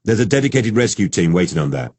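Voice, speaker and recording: A calm male detective with a Geordie accent, steady and quietly amused, as a man reads him. The voice is deep and husky. The sound is close and dry. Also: fast, dry recording.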